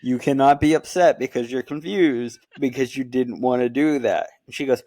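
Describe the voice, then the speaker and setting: A man in casual chat, telling stories with animated, acted-out quotes. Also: mid-range voice, normal speed, dry recording, clean studio sound. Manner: animated storytelling, acts out quotes. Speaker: podcast co-host.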